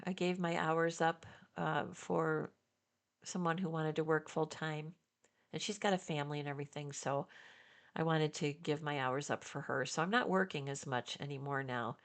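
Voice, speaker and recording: A Detroit-area woman in her sixties, with a deep, steady voice and a moderate pace, chats casually to camera for her vlog viewers. She rambles, uses fillers and lets out little laughs.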